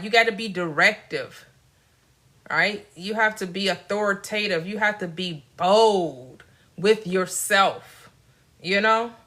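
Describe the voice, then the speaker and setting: With a bright, forceful, medium-pitched voice, this middle-aged motivational channel host talks casually but emphatically. She's direct, and laughter frequently breaks up her points.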